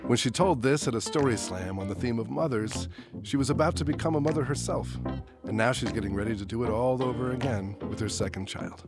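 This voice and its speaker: A man gives scripted host narration in a calm, measured voice of middle pitch. Plucked guitar music plays clearly underneath. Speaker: radio host.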